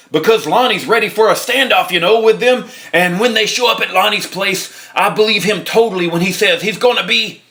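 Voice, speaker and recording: A man reading a court transcript aloud and giving indignant, sarcastic commentary, dropping into a low mocking tone for the lines he reads and bursting into shouts.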